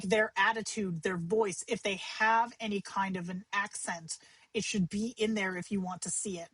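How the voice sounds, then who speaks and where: A woman hosting a livestream tutorial, talking in a chatty, conversational way with quick asides. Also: mid-range voice, breathy edge, no echo, poor audio. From Arizona. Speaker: livestream host teaching AI companion tips.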